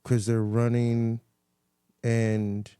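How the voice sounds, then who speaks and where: A man's voice: mid-range voice, completely flat delivery, drawn-out words, warm tone, clean tone, no room sound, clean studio sound. A man, a comedian guest on a podcast, chatting casually and telling stories in a loose, profane, rambling way.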